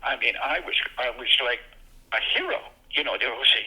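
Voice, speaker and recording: A man's voice: fairly quick, low-quality recording. An older man from Brooklyn, telling childhood stories as a guest in casual chat. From Brooklyn, New York. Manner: animated, jumps into excited high voices for quoted moments. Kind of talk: casual storytelling.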